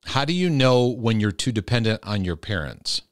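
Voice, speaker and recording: Brief: earnest man, lowish voice, dry close mic, casual Q&A on faith and feelings. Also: sing-song, normal speed, no echo. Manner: earnest and direct, with restarts and laughter. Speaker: Christian mental health teacher answering viewer questions. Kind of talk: casual livestream Q&A, reading and answering questions.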